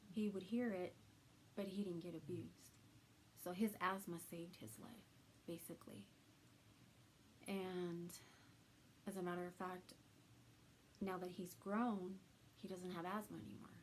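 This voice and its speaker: A woman vlogger telling a personal story to the camera, soft-spoken and halting, with trailing pauses. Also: on the low side, steady tone, slight background noise, rough recording.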